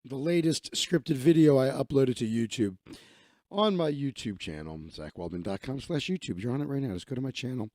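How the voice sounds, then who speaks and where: A man rambles through the end of his live stream in a crude, joking way. His pitch swings widely while his tone stays dark and mellow. The sound is dry, with no room echo. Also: animated, brisk. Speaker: livestream host. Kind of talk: casual live-stream chat.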